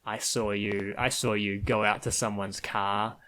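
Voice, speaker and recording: Man reading as a teen girl: cold, quiet, controlled menace. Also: lowish voice, flat delivery, a little slow, a little hiss or hum. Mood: cold, menacing. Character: cold interrogating teenage girl from a visual novel.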